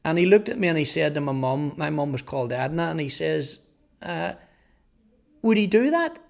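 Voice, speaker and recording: A man in his fifties with a Northern Irish accent, earnestly telling his life testimony, halting at times over repeated words. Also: on the high side, creaky. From Northern Ireland. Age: 50s. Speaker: testimony speaker. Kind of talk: personal testimony storytelling.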